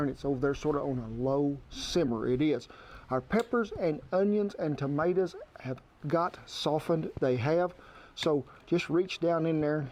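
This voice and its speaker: A man's voice: fairly high pitch, darkish tone, slight background noise. A man hosting a cooking show, walking through a recipe in a folksy, homespun drawl.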